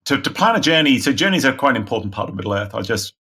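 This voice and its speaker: A man's voice: mid-range voice, sing-song, rapid-fire, pushed and bright, husky. A man running a tabletop role-playing game, narrating and explaining rules with frequent hesitations. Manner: rambling, hesitant, laughs often. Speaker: game master.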